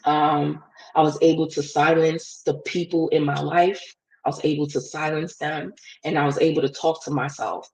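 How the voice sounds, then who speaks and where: A woman's voice: low-pitched, fairly even intonation, moderate pace, darkish tone, low-quality recording. A woman as a podcast guest, telling a personal story in an earnest, casual way, full of "like" fillers. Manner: earnest, heavy use of "like" fillers.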